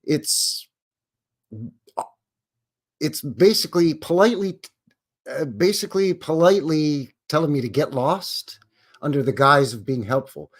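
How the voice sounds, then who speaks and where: Speaking unhurriedly and pausing often, this livestream host has a slightly high male voice. He's a Western Canadian running a rambling live chat where he performs quoted voices and replies to his viewers.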